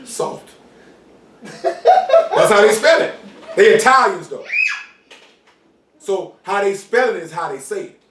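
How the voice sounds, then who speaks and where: A man preaching an informal sermon in street slang, often asking "you know what I'm saying" and shouting for emphasis. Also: sits high, wildly swooping pitch, measured pace, long pauses. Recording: roomy hall, mic far off, faint noise.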